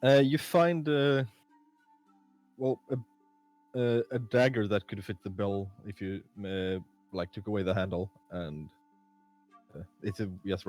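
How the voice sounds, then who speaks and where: A man running a tabletop game as game master, narrating haltingly with many fillers. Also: deep voice, a little mellow.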